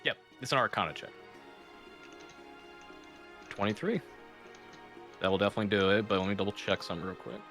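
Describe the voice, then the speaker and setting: A man's voice: on the low side, fairly quick, pauses often, fairly bright tone, faint music behind. A man narrating a tabletop game as game master, rambling with fillers and restarts.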